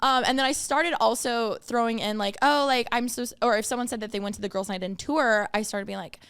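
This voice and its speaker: A woman's voice: on the high side, a little fast, smooth, dry recording. A young woman co-hosting a podcast in casual chat, telling stories animatedly with lots of fillers and acted-out quotes, on a close studio mic. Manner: animated storyteller, filler-heavy, acts out quotes. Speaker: podcast co-host.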